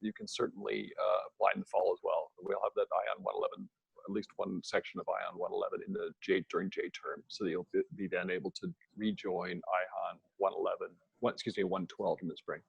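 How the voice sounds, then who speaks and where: A man's voice: low voice, little pitch movement, fairly quick, creaky, slightly rough, no echo, dull audio. A male professor on a video call adding to an answer, hesitant and repeating his words.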